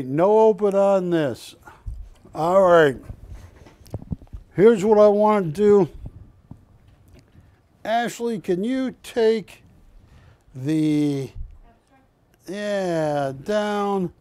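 A man's voice: a little high, mellow, no echo. An older man hosting a live shopping channel show, chatty and joking while pushing deals, recorded on a lapel mic in a TV studio. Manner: chatty, joking, pushy salesman. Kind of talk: live TV sales pitch.

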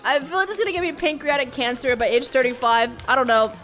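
A young woman hosting a casual live stream, excitable and joking as she talks to her chat. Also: high voice, fast talker, faint music behind. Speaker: streamer host.

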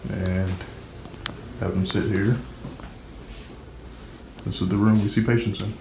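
A man's voice: on the low side, level tone, takes it slowly, gravelly, noisy background. A man in his thirties, a resident surgeon, narrating his day in a casual vlog and explaining medical terms plainly as he goes.

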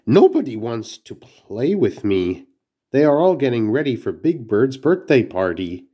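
A man's voice: medium pitch, big pitch swings, measured pace, mellow, breathy edge. A man voicing a small, sulky furry monster who grumbles at being left out, in a storybook reading. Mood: glum.

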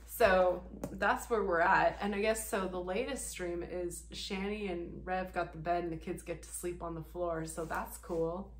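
A woman's voice: lowish voice, steady tone, unhurried, hardly any pauses, slight background noise. A woman vlogger giving casual reaction commentary, sarcastic and profane, laughing often.

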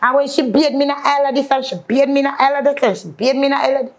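A Jamaican woman, her voice sitting a little high, gives a heartfelt testimony in thick patois. She often draws out her words slowly and calls out to her listeners as people of faith. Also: steady tone. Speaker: guest. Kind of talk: emotional testimony.

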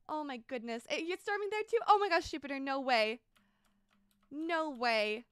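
Young female streamer, bubbly and chatty, high-pitched, dry close mic. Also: normal speed, no room sound. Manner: bubbly, repeats exclamations, thanks chat excitedly. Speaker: game streamer. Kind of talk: casual live-stream chat while building in a game.

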